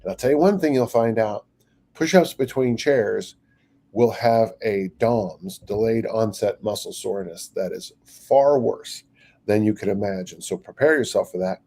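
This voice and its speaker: A man's voice: fairly low pitch, measured pace, warm tone. An older man, a strength coach, rambling through stories and acting out little quotes in casual podcast talk. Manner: rambling storyteller, acts out quotes.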